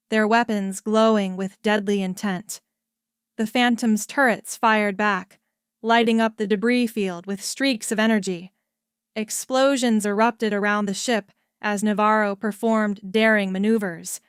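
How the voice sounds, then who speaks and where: A woman narrates a sci-fi story at an unhurried, slow pace. Her voice is smooth and resonant, recorded close and dry with no room sound. The telling stays steady and even. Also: medium pitch, dry recording.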